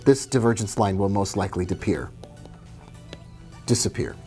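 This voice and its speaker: A man's voice: medium pitch, expressive, normal speed, a little mellow, soft background music. Chatty man hosting a live trading stream. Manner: casual, chatty, greets viewers by name. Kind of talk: live-stream commentary on charts.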